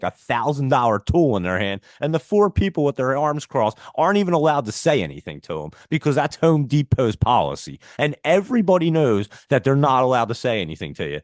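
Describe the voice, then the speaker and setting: A man's voice: medium pitch, no echo, clean studio sound. A middle-aged man hosting a live market show, telling a long story in a rambling, casual way, with laughs and swearing. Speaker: stock market show host.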